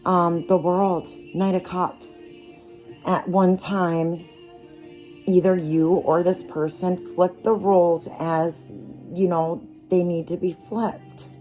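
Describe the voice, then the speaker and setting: A woman giving a casual tarot card reading, talking straight to the listener in an unhurried, reassuring way. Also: on the low side, flat delivery, warm tone, soft background music. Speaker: tarot reader.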